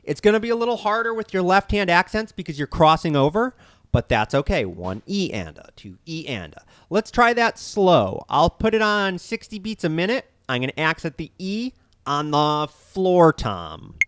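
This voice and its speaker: Lively-voiced male drum teacher. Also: high voice, normal speed, clear, resonant tone, no echo. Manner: counting beats aloud, explaining step by step. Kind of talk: instructional lesson.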